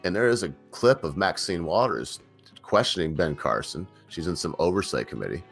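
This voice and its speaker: A man's voice: sits low, animated, normal speed, creaky, a bit bright, soft background music. A man hosting his own channel, giving a casual, rambling opinion rant with emphatic bursts and many fillers and restarts. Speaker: channel host.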